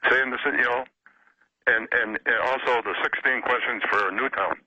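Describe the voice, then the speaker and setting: A man phones in to a radio show and talks haltingly, stumbling through fillers. His tone is very bright and sharp. The call sounds dull and dry. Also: mid-range voice, fairly even intonation, slightly rough, no room sound. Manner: halting, hesitant, many fillers. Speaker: radio caller. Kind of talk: call-in conversation.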